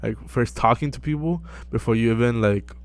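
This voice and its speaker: A young man giving casual self-improvement advice to camera, relaxed and full of fillers, often checking in with "right?". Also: mid-range voice, a little fast, clear, resonant tone. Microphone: close mic.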